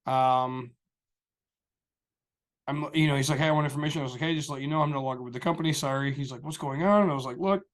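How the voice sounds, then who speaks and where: A man's voice: on the high side, fast talker. A man co-hosting a podcast, rambling through a story in casual chat and acting out the people he quotes. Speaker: podcast co-host.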